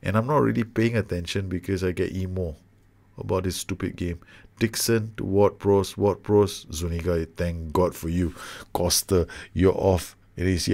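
A low, gravelly-voiced man talks through a football management game as he plays it. He is loud and exasperated about his side. His voice has a rough creak, and he swings from muttering to outbursts. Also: no echo. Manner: animated, exasperated, groans at his own team. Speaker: gaming YouTuber. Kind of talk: game commentary.

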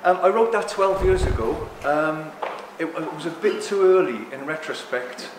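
A man giving a rambling, joking live talk to an audience, speaking loudly without a microphone. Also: a little high, animated, normal speed. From Greek heritage. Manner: jokey, rambling, loud. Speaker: guest speaker. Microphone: no microphone, room recording. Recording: echoey room with background noise.

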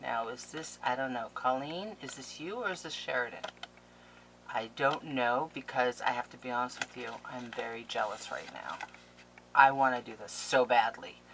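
A woman vlogger opening mail on camera in a casual, gushing, excitable way, with quick laughs and whispered asides. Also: rumbling low, a little hiss or hum, rough recording. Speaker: scrapbooking vlogger.

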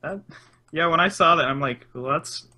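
A young man co-hosting a podcast in casual chat, cracking crude deadpan jokes. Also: fairly high pitch, normal speed. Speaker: podcast co-host.

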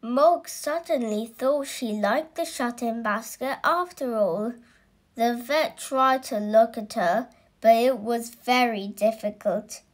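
A woman reading a children's picture book aloud in a gentle, clear storytelling manner. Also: on the high side, slow pace.

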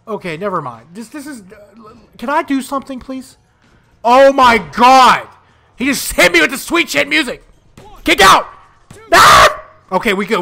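A high, gravelly young man plays a wrestling video game and talks over it. He swings from loud, excited trash talk to mumbled asides, and his voice jumps up and down constantly. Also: unhurried. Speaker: gaming YouTuber.

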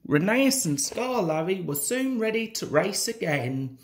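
A man reading a children's picture book aloud in an expressive, sing-song way. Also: high voice, unhurried, slight background noise. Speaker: storybook reader.

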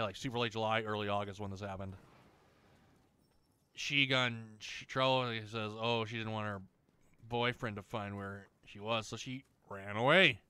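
A man ranting angrily and profanely over gameplay, mocking people in shrill voices. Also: sharp tone, smooth. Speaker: let's play host. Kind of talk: angry rant over gameplay.

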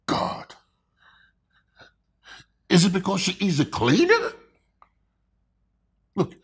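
A man's voice: mid-range voice, breathy edge, exaggerated voice. An actor with a Nigerian accent playing a stern older father who scolds his daughter. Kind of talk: Nollywood film acting.

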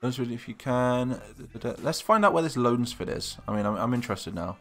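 A man's voice: medium pitch, lively intonation, fairly quick, fairly bright tone, soft background music. A man from England, chatting casually on a live stream, thinking aloud with hesitant muttered asides.

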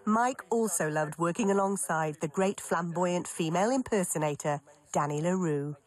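A woman giving scripted documentary narration with a measured, even delivery. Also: lowish voice. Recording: narration over music.

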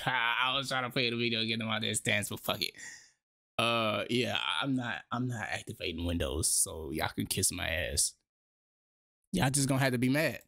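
A man's voice: on the low side, moderate pace, gravelly, sharp tone, no echo. A man talks casually over a video he is watching. His speech is loose and slangy, full of repeated asides. The sound is dry and close, with almost no room in it. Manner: slangy, laid-back, repeats himself. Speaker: reaction streamer. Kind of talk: casual reaction commentary.

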